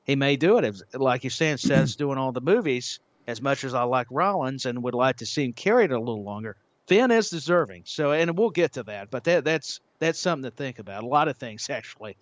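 A man's voice: medium pitch, animated, fairly quick, hardly any pauses, no room sound. A man co-hosting a wrestling podcast in casual chat, often restarting and repeating his words. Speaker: podcast co-host. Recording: dull lo-fi audio.

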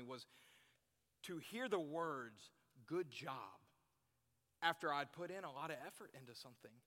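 Earnest and repeating his main phrases for emphasis, a young man delivers a sermon to a youth group as their pastor. His voice runs a little high with a sharp tone, echoing with long hall reverb.

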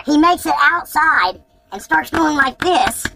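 A woman, excitedly telling a profane story in casual podcast chat. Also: sits high, measured pace, creaky, noisy background. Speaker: podcast host.

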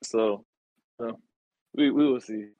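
A man's voice: medium pitch, slow pace, warm tone, dry recording, rough recording. A man talking casually as a guest on a music review chat, easygoing, with slang and hesitant restarts. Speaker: guest, friend of the host.

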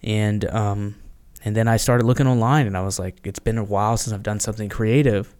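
A man's voice: on the low side, steady tone, brisk, darkish tone, clean tone. A man, a podcast guest, telling stories in casual chat and acting out quoted voices, with many fillers.

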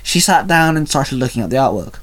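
A man narrates a story aloud in an even, unhurried read. His voice sits at an ordinary pitch for a man, and he keeps the telling plain and steady. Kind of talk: fan fiction reading.

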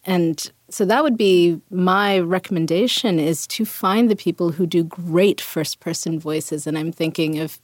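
Chatty woman, low voice, dry sound. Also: unhurried, few pauses, no room sound. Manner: animated, chatty, many "like" and "you know" fillers. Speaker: podcast co-host, literature teacher. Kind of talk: casual discussion.

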